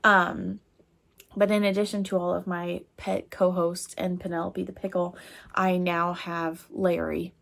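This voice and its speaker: Chatty woman with a creaky voice. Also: fairly low pitch, flat delivery, unhurried, fairly bright tone. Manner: rambling, chatty, lots of fillers; giggly, laughing hard. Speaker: crochet designer and vlogger. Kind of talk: casual chat to camera.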